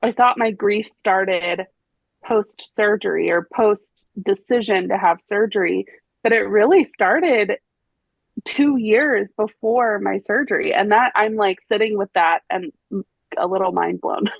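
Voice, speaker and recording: A woman's voice: mid-range voice, a little slow, vocal fry, dry recording. A woman on a podcast, speaking candidly and reflectively about her own past, laughing easily. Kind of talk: conversational podcast chat. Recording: dull dry remote mic.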